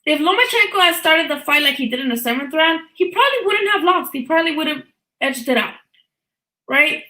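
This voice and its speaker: A woman's voice: high voice, expressive, a little fast, sharp tone, reverberant, rough recording. A woman in her thirties hosting a live boxing talk stream, chatting casually and bluntly, swearing freely and laughing often.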